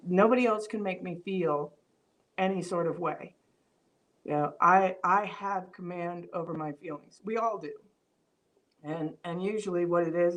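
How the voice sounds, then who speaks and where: Reflective woman with many fillers. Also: fairly low pitch. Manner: reads viewer comments aloud. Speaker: vlog host. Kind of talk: casual live-stream talk.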